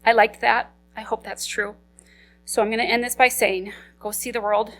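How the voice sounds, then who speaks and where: A young woman reading a eulogy for her father at a memorial service, steady but holding back grief. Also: fairly high pitch, normal speed, poor audio. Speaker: daughter giving a eulogy.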